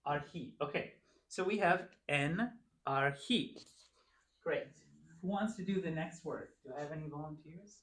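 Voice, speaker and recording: A man's voice: on the high side, a little slow, a bit bright. A man teaching a church class, patiently coaxing his students through each word and calling on them by name. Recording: echoey room.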